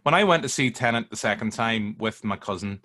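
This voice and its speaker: A man, telling stories as a guest in a casual film chat, animated and sweary. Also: fairly low pitch, a little fast.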